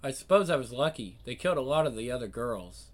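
Man reading as a homely old mother, soft-spoken, chatty, gentle, comic-book reading, lively pitch. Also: fast talker, natural voice.

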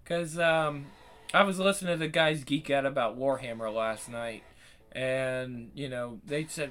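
A man's voice: mid-range voice, unhurried, a bit bright, poor audio. A man hosting his channel in casual, profane commentary, rambling with frequent restarts. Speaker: channel host.

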